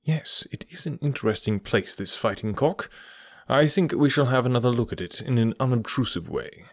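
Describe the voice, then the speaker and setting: A man voicing a keen, commanding detective in an audiobook, eager and probing, sometimes dropping to a low murmur. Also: lively intonation, moderate pace, vocal fry, no echo, studio quality. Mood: cool. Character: keen, commanding middle-aged male detective. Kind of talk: audiobook character voice.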